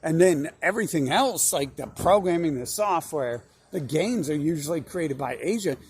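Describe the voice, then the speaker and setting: A man's voice: on the high side, expressive, moderate pace, slight background noise. A young man talking in a long, rambling monologue, full of fillers, restarts and swearing. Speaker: channel host.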